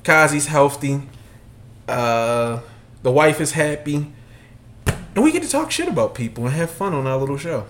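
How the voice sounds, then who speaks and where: Animated profane podcast co-host, man. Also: on the high side, normal speed, long pauses. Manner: animated, profane storytelling with loud acted-out quotes. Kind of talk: casual chat.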